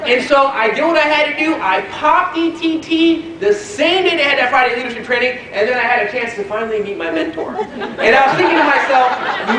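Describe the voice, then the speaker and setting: A man giving a motivational network marketing training, telling animated stories and quizzing the audience. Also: very high-pitched, brisk, a faint crowd. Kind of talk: motivational speech to a live audience. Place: training event hall. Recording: echoey hall, distant mic.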